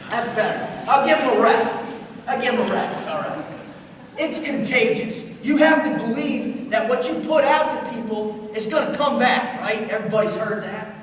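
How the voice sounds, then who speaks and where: A man's voice: extremely high pitch, moderate pace, slight background noise. A man giving a fired-up motivational speech to a school audience in a large hall. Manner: fired-up, pumped, exhorting. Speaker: motivational speaker. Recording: echoey hall recorded from far off.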